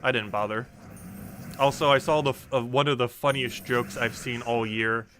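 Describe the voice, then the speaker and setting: A young man talks through his game stream in a loose, rambling way, full of ums, restarts and asides to chat. His voice is bright and forward, at an ordinary middle pitch for a man. Faint music plays under him. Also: steady tone, moderate pace. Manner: chatty, rambling, many ums and restarts, answers chat questions. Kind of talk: casual live-stream commentary while playing.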